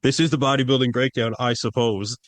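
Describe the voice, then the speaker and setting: A man co-hosting a podcast, with a middle-pitched voice and a dry, close sound. He rambles through stories with casual swearing. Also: fairly even intonation, no echo. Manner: rambling, profane, quick asides. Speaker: podcast co-host. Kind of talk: casual chat.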